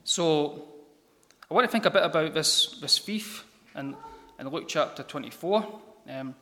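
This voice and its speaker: In a reverberant church hall, a man preaches an informal gospel sermon in a slightly high voice with lively, pushed, bright intonation. A lay preacher, he stumbles often, repeating words and saying um in the pauses.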